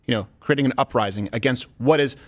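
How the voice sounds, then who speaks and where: A man hosting a podcast, telling stories in a casual, animated way and laughing often. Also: mid-range voice, quick pace. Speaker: podcast host. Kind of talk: casual chat.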